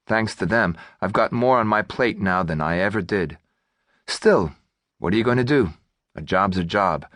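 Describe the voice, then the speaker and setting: A male narrator reads a first-person novel with a wry, expressive delivery and a lowish voice that rises and falls freely. The studio sound is close and dry, with no room around it. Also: no echo. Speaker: audiobook narrator. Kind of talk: scripted audiobook narration.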